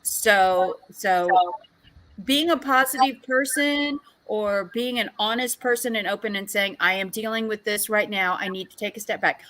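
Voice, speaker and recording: A woman's voice: mid-range voice, moderate pace, a bit bright, rough recording. A woman in a casual livestream chat, talking earnestly and emphatically about staying positive.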